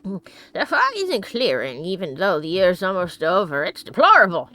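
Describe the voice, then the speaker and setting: A woman's voice: lowish voice, wildly swooping pitch, normal speed, bright, forceful tone, heavily acted. A woman putting on a grumbling old man. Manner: grumbling, indignant. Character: grumpy old man complaining about fog.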